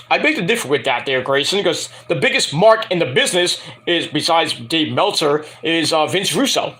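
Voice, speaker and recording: Casual male reviewer, bright and lively, profane and rambling. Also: fairly high pitch, normal speed, few pauses. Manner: profane, ranting, hesitant with fillers. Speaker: wrestling review vlogger.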